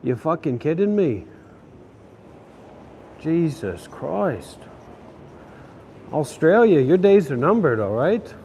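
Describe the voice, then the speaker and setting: A man's voice: fairly high pitch, big pitch swings, slow pace, long pauses, darkish tone, a little hiss or hum. Profane grumbling man on a walk. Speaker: vlogger. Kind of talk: casual rant while walking. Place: city streets and station, walking.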